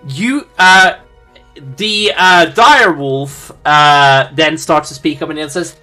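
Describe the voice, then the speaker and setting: A man's voice: fairly high pitch, slow, pushed and bright, faint music behind. A young man narrating as dungeon master, often stumbling over his words and correcting himself. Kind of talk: narrating a tabletop game.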